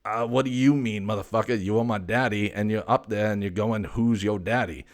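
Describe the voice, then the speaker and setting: In a fairly low, steady voice at a brisk pace, close to how he normally talks, a man plays a foul-mouthed male house cat. The cat is boastful and swaggering, rambling, stammering, and swearing constantly.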